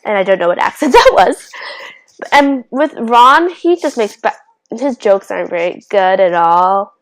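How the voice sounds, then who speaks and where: A young woman chatting casually on her own vlog, answering would-you-rather questions with quick restarts, giggly asides and frequent self-interruptions. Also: mid-range voice, animated, poor audio. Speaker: YouTuber.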